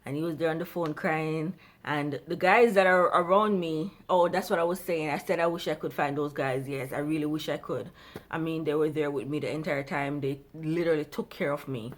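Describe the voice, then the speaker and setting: Rambling woman vlogger, lowish voice. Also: brisk. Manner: rambling, jumps around then comes back; animated, turns quiet and low at emotional parts. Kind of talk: personal storytelling to camera.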